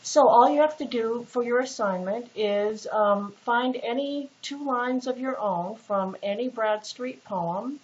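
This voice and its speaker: A woman's voice: on the high side, a little slow, few pauses, a little mellow. A woman instructor giving a casual, patient recorded lecture with many fillers and restarts. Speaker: literature instructor. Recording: dull lo-fi recording with faint hiss.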